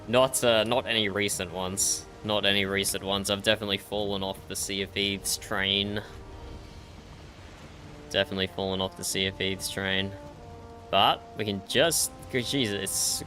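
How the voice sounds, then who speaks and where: Chatty Australian man, low and bright. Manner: chatty, laughs often, repeats his own phrases. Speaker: roleplay streamer. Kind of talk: casual in-game roleplay chat.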